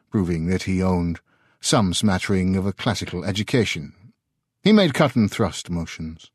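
A man narrating a short story in an expressive storytelling manner. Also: low voice, moderate pace, dry recording, studio quality. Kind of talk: scripted narration.

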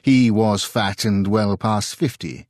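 A man narrating a short story in an expressive storytelling manner. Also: lowish voice, takes it slowly, dry recording, studio quality. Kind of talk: scripted narration.

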